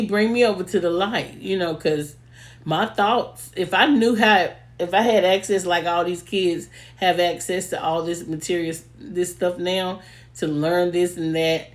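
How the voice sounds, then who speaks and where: A young woman, telling heartfelt, emotional stories about a late friend in a casual video, often laughing as she talks. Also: lowish voice. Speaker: vlogger paying tribute to a late friend.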